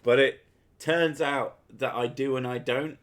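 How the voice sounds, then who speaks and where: A man's voice: mid-range voice, steady tone, a little slow. A man with a Home Counties English accent chatting casually and sarcastically as a podcast host, swearing freely. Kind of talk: casual chat.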